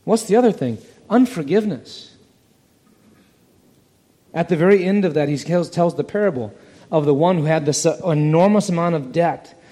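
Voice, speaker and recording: Male preacher, a bit high-pitched, animated storyteller, roomy hall reverb. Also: moderate pace. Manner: animated, acts out the parable's voices. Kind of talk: expository sermon.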